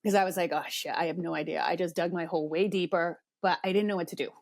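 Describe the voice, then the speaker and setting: A woman's voice: lowish voice, fast talker, no echo. Middle-aged woman host, candid storyteller, swears freely, dry close mic. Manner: animated, drops to hushed whispers for asides. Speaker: podcast host. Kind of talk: casual storytelling.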